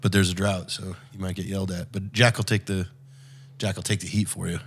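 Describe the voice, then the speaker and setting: Male podcast co-host, low voice, dry jokes, faint background hum. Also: little pitch movement, a little fast. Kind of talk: casual chat.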